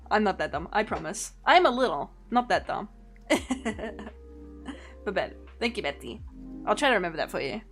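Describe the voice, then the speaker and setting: A young woman streaming as a VTuber, chatting casually in a rambling way, laughing often and swearing offhandedly. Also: mid-range voice. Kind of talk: casual livestream chat.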